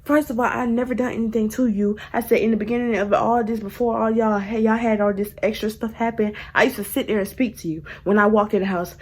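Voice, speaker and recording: A young woman telling a casual storytime to her viewers, animated and laughing as she goes. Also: medium pitch. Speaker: vlogger.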